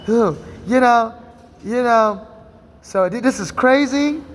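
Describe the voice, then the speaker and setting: A man's voice: very high-pitched, slow pace, a little hiss or hum. A man in his forties, from Nigeria, talking in an urgent, rambling personal monologue and often repeating himself. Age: 40s. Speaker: vlogger. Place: city streets and transit.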